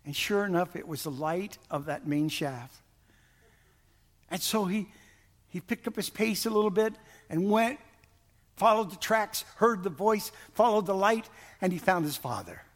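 A man with a notably high voice narrates a story to a live audience. He tells it in an animated way and acts out the quoted lines. A long reverb from the big hall trails each phrase. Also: unhurried.

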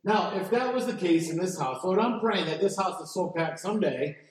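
A man preaching a sermon as pastor, animated and asking the congregation to answer back. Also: high voice, a little fast. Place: church sanctuary. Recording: echoey hall, mic from a distance.

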